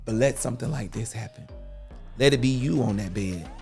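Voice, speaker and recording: A man's voice: mid-range voice, brisk, vocal fry, a little mellow, slightly rough, soft background music. A man hosting a storytime advice show, speaking earnestly in a preachy, comforting way.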